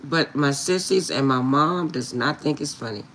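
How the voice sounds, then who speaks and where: Her voice is very deep and her pace moderate as this middle-aged tarot reader entertains viewers with a funny tale about her family. Animated and often laughing, she keeps repeating "I'm serious." Slight background noise is present.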